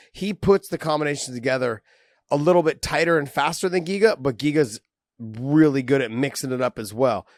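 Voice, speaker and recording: A man's voice: a little high, dry recording, studio quality. A man co-hosting a casual podcast, laughing easily and talking loosely and profanely, thinking aloud. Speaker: podcast co-host. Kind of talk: casual MMA podcast chat.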